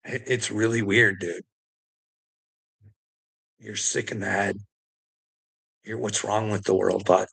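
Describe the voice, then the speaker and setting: Gravelly, husky man ranting. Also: fairly low pitch, fairly even intonation, slow pace, pauses often, fairly bright tone. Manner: profane, confrontational, laughs mid-rant. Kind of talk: ranting monologue to camera.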